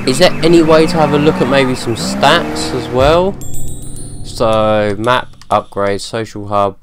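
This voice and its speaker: A man's voice: medium pitch, unhurried. A young man commentating his own video game play, rambling and correcting himself, with hiccups. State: has hiccups. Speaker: gaming channel host. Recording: noisy game audio under the voice. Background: car and racing game sounds.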